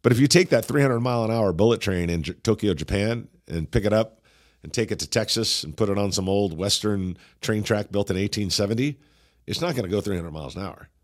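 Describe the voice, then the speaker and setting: A man hosting a podcast and coaching pastors in an energetic, conversational way, often dropping in "man" as he talks. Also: fairly low pitch, fairly quick. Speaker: podcast host. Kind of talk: casual pastoral coaching talk.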